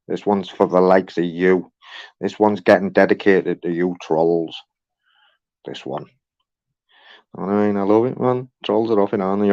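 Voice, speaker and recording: A man's voice: low voice, darkish tone, highs cut off. A man chatting casually on a livestream, rambling, swearing freely and talking back to his chat. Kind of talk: casual live-stream chat.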